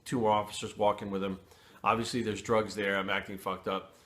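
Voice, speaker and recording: A man telling a personal story to camera in casual, blunt and profane talk, pausing and restarting as he goes. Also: fairly low pitch, flat delivery, a bit bright. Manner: blunt and profane, frequent swearing; candid, with pauses and restarts.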